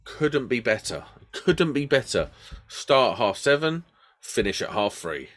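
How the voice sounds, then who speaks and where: A man's voice: mid-range voice, sing-song, unhurried, a bit bright. A man swaps stories with a co-host in easygoing chat. His voice swings up and down, and he laughs often. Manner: chatty storyteller, laughs often. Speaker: podcast co-host. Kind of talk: casual chat.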